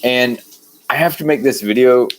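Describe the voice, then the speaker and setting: A man from the rural United States, talking in a rambling, plain, deliberately low-key monologue outdoors by a shed. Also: noisy background. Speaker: vlogger.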